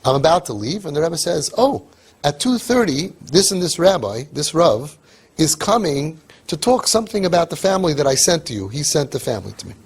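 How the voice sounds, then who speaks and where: Husky animated man telling stories. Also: on the high side, brisk. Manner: animated, acts out quoted voices, Yiddish and Hebrew terms. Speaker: speaker on outreach to youth. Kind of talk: animated storytelling talk.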